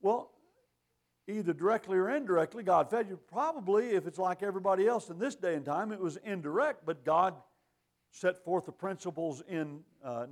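A man preaching a sermon in a folksy, emphatic way, quoting scripture. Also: high voice.

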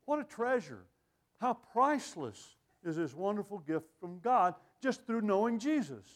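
An older man preaching a sermon with an animated, self-deprecating sense of humor, often laughing at himself. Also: sits high, measured pace. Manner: lively, animated delivery.

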